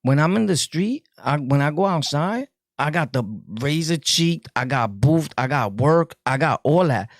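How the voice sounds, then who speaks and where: A man with a New York accent telling his prison stories to viewers in a casual, jokey way, full of street slang and quick laughs. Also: on the high side, lively intonation, no echo, clean studio sound.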